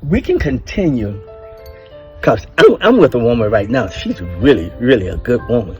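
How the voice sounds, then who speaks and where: The recording is muffled, with soft music underneath, as an older man delivers a casual monologue of marriage advice to men, preachy and blunt, full of swearing and stressed points. He speaks at a moderate pace in a medium, sing-song voice.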